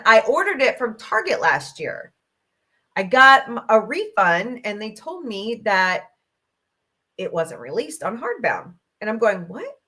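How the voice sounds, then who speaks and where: A woman's voice: mid-range voice, pushed and bright. A middle-aged woman hosting a casual livestream from home into a laptop mic, talking emotionally and venting. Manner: emotional, venting, tearful at times. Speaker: podcast host. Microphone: laptop microphone.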